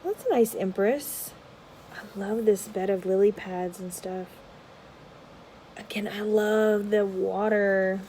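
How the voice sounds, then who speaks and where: A woman vlogger giving casual unboxing commentary, rambling with many filler words and dropping into soft, half-murmured asides. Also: medium pitch, fairly even intonation, takes it slowly, pauses often, a little hiss or hum, rough recording. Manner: drops to a soft whisper at times. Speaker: tarot vlogger.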